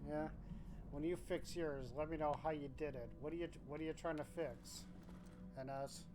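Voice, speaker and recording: A man streaming a game, reading chat aloud in a laid-back, drawn-out way, thinking aloud with restarts. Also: on the high side, fairly even intonation, noisy background.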